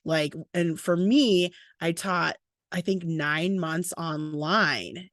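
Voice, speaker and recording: A woman co-hosting a podcast, a former teacher turned librarian, chatting casually with a deadpan, sarcastic streak. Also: deep voice, no room sound, studio quality.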